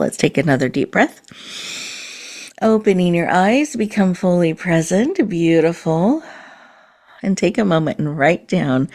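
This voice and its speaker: A woman hosting a podcast, leading listeners through a slow, soothing mindfulness and breathing exercise. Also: sits low, gravelly, darkish tone. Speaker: podcast host.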